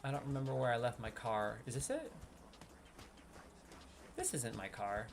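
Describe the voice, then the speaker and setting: A man's voice: mid-range voice, huge pitch swings, normal speed, vocal fry, a little hiss or hum. A man with a New York accent hosting a gaming video, chatting casually and reading game text aloud. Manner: chatty, reads game lore aloud and muses on it. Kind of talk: casual gameplay commentary.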